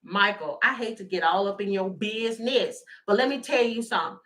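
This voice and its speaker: A woman tarot reader talking in a casual, animated and profane way while doing a reading. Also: medium pitch, brisk. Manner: animated, profane, laughing often.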